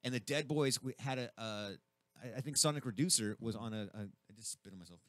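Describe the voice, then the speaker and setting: A man hosting a radio show in a studio, chatting casually and excitedly, swearing constantly. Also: mid-range voice, fairly quick, no room sound.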